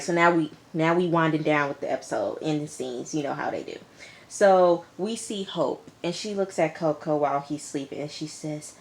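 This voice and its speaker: Chatty woman recapping a TV episode. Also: low-pitched. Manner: chatty, addresses listeners as y'all and girl; animated, acts out characters' lines. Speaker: TV episode reviewer.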